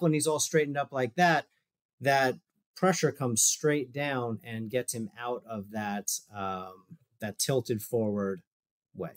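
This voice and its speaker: Guy on a video call walking thru running drills, loose and chatty, lots of ums, mid pitch. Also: slow. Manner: loose and conversational, with fillers and asides. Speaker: physical therapist. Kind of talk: casual presentation over shared screen.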